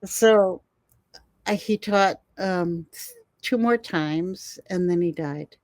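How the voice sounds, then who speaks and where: Older woman, herbalist guest, unhurried storytelling, dry close recording. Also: fairly low pitch, no room sound. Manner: animated storyteller, laughs often. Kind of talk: storytelling in an interview.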